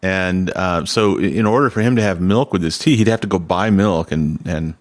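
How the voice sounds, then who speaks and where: A man co-hosting a casual podcast, telling stories in a relaxed way with repeated words. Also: deep voice, normal speed. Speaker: podcast co-host. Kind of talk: casual chat.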